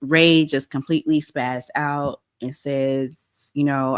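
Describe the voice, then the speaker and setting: A young adult woman hosting a pop-culture commentary show, animated and blunt, acting out quotes as she goes. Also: extremely low pitch, takes it slowly, clear, resonant tone. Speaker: host.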